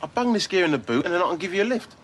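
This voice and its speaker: An actor with a working-class London accent playing a cheerful, teasing stallholder. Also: male voice, sits high, very animated, racing, a bit bright, a little hiss or hum. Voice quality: jokey, teasing, laughing.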